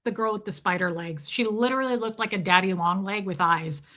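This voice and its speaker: A woman's voice: medium pitch, brisk, a bit bright. A young woman hosting a casual livestream, telling a rambling, joking story and swearing freely. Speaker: livestream host. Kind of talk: casual streaming chat.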